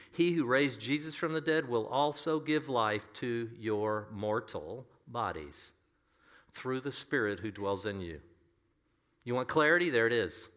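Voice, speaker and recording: A man preaching from the pulpit in a bright, forceful voice. He drives his points home earnestly and emphatically, sometimes repeating a phrase to press it. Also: mid-range voice. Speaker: pastor. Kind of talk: sermon.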